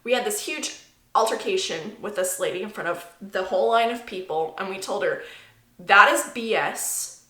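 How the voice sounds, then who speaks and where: A woman's voice: mid-range voice, a little fast, roomy sound. A woman vlogging an indignant, emphatic personal rant to camera, often repeating herself.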